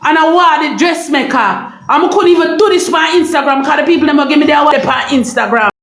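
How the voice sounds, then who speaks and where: A middle-aged woman with a Jamaican accent ranting on a live stream, loud and confrontational, repeating herself and breaking into shouts. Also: sits high, quick pace, reverberant, faint music behind, rough recording. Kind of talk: heated live-stream rant.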